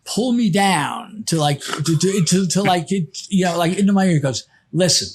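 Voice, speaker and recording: A man's voice: high voice, lively intonation, moderate pace, a little mellow. An older man telling a rambling anecdote on a podcast, full of false starts. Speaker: podcast guest. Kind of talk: casual anecdote.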